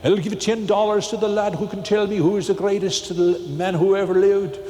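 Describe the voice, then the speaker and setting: A man's voice: sits high, steady tone, a little fast, mellow, voice pushed up, natural voice. A man voicing a jovial, boastful Irish Catholic teacher in a put-on Irish accent, lilting and exclaiming. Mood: hearty. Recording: echoey hall, faint ambience.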